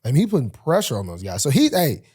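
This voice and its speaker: Animated young man telling stories. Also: mid-range voice, fast talker, slightly rough. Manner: animated storyteller, acts out quotes. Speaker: podcast co-host, football player. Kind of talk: casual podcast banter.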